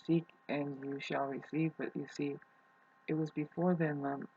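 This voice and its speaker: A vlogger musing in a soft, quiet way, hesitant and full of restarts. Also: mid-range voice, little pitch movement, normal speed, dull audio, slight background noise. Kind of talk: rambling spiritual musing.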